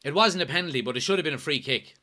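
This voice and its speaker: An Irish man from Kilkenny hosting a live football watchalong, commenting on the match, yelling and swearing at the referee, and reading out chat messages. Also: fairly high pitch, racing. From Ireland, Kilkenny. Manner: excitable, yells at the referee, swears. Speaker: watchalong host.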